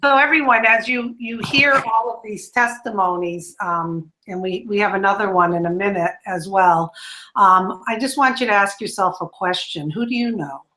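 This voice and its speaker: A woman's voice: medium pitch, moderate pace, pushed and bright. Upbeat woman hosting a product talk. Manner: upbeat and explanatory, checking in with "okay". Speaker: host. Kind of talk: product presentation to an audience.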